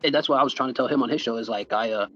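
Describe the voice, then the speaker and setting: A man calling into a live stream who speaks haltingly, often restarting his sentences. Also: medium pitch, fairly bright tone. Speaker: caller. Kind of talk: call-in chat. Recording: dull lo-fi audio with faint music.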